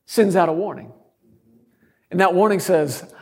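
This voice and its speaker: A man's voice: high voice, animated, measured pace, creaky, darkish tone, slightly rough. A middle-aged man preaching a sermon as a guest speaker, bold and emphatic with touches of humor.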